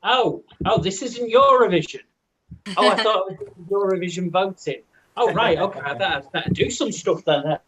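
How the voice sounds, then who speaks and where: A man's voice: sits high, moderate pace, sharp tone, poor audio. A man comedian with a Warrington accent opening a playful stand-up set over a video call. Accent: Warrington, northern English. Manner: goofy, playful.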